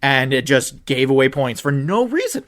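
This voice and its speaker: A young man hosting a casual podcast, ranting with animated outbursts, swearing, and swinging between loud shouts and low muttering. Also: moderate pace. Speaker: podcast co-host.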